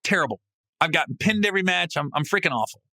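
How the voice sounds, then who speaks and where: Animated, bright-voiced male podcast storyteller. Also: fast, dry recording. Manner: animated, swings into loud, high laughing outbursts; salty, casual, swears freely. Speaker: podcast host. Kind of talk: comedic storytelling monologue. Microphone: podcast mic.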